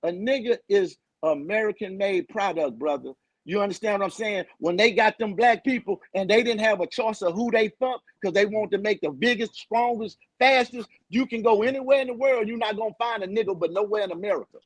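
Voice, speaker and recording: A man's voice: sits high, a little fast, few pauses, dry recording. A man on a panel call holding forth in an emphatic, preachy, street-talking way. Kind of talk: heated panel discussion.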